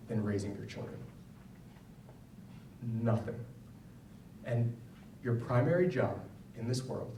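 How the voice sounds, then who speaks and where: This man, a psychologist, speaks creakily in a mid-range voice against background noise. He's addressing parents at a school event hall in a conversational public lecture full of personal stories, often checking in with "right?". Captured on a distant mic, the audio is roomy with faint ambience.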